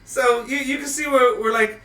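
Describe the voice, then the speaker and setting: A man from Los Angeles hosting a casual podcast chat, an animated storyteller who laughs through his stories. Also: extremely high pitch, moderate pace, roomy sound, recorded from a distance. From Los Angeles, USA. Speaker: podcast host. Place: podcast studio.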